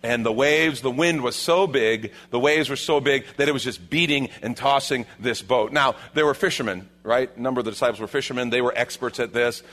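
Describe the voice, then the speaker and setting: A man preaching a sermon, acting out the disciples' lines with lively shifts and dropping to a hushed tone at reflective moments. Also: medium pitch, fairly quick, few pauses. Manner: animated, acts out the disciples' lines. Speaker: pastor.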